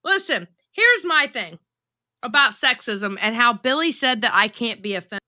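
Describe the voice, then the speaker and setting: A woman's voice: fairly high pitch, lively intonation, moderate pace, bright, forceful tone, dry recording, clean studio sound. A woman hosting a casual livestream, reading chat messages aloud and chatting in a blunt, profane, gossipy way.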